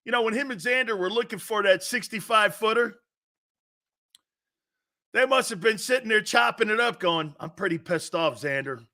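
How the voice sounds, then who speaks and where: A man with an East Coast American accent hosting a sports talk show, ranting loudly with profanity and frequent shouting. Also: high voice, moderate pace, long pauses. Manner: loud, profane, often shouting.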